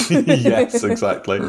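A man's voice: a little high, huge pitch swings, very slow. A man chatting casually about a film with friends, laughing often and rambling with restarts. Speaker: podcast co-host discussing a film. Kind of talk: casual chat.

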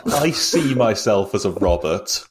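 Low-voiced guy rambling about a film w friends, laughs a lot. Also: very animated, unhurried. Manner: laughs often, rambling with restarts. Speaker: podcast co-host discussing a film. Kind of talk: casual chat.

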